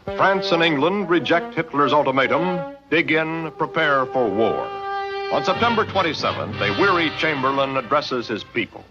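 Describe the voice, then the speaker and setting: A man narrating a historical documentary in an authoritative, steady, scripted style. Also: fairly high pitch, moderate pace, over music. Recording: dull lo-fi broadcast sound. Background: dramatic score.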